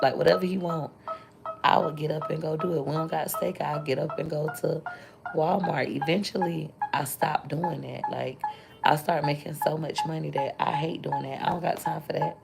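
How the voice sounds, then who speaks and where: A woman chats candidly with her livestream viewers in a deep, heavily gravelly voice. She rambles from thought to thought and stops to thank them. Loud music plays behind her. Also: fairly even intonation, moderate pace. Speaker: content creator and mother. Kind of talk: casual livestream chat with viewers.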